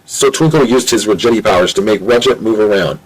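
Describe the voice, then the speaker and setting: Male storyteller, husky, plain amateur audiobook narration, home mic. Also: on the low side, fairly quick, poor audio. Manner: plain, repetitive "that's when" narration. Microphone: home microphone.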